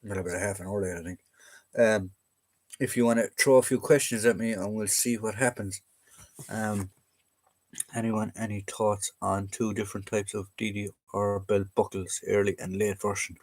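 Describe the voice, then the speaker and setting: A man's voice: lowish voice, fairly even intonation, moderate pace. A young Irish man hosting a casual militaria livestream, rambling and joking as he reads out viewer comments and questions. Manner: chatty, rambling, jokey, answers chat comments aloud. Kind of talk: casual live chat reading viewer questions.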